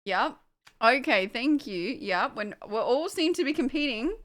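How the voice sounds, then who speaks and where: A woman's voice: on the high side, lively intonation, a little slow, a bit bright. A young woman casually chatting on a livestream at home, distracted by her dogs, swearing and laughing.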